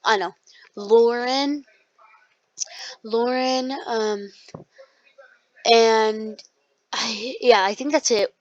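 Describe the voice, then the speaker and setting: A young podcast co-host telling a rambling school story in casual chat, full of likes and ums. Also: female voice, fairly high pitch, drawn-out words, pauses often, no room sound. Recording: dull lo-fi sound.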